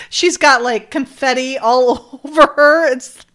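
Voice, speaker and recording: A woman's voice: high-pitched, takes it slowly, fairly bright tone. A middle-aged woman co-hosting a casual recap chat, retelling scenes animatedly and acting out quoted lines with frequent laughs. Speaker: podcast co-host.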